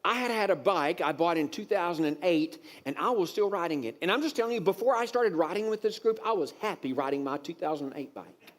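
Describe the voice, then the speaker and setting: A man preaching a sermon, telling a personal story with many fillers and repeated words, growing animated and exasperated with rising emphasis. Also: sits high, fairly quick. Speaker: pastor.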